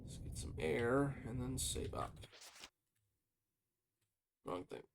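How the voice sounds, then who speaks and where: A man streaming a video game, talking to himself in quiet, casual asides as he plays. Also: medium pitch, takes it slowly, gravelly, noisy background. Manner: mutters to himself while playing, quiet asides. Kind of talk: casual let's-play commentary.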